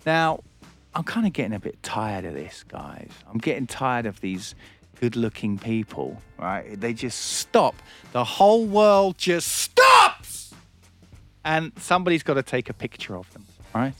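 A man's voice: mid-range voice, very animated, normal speed, soft background music. A man who does stand-up, hosting a radio show and telling rambling anecdotes, laughing and acting out other people's lines. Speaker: comedian and radio host. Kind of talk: casual radio storytelling. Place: radio studio.

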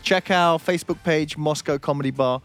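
Higher-voiced man plugging comedy shows. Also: normal speed, a bit bright, soft background music. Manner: plugging shows, listing times and places. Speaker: comedy show promoter. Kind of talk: casual radio chat. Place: radio studio.

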